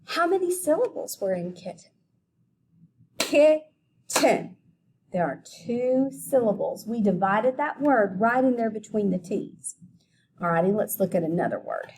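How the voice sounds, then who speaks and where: A woman teaching a phonics lesson to young children, deliberately sounding out letters and syllables. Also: medium pitch, big pitch swings, a little mellow, a little hiss or hum. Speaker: elementary school teacher.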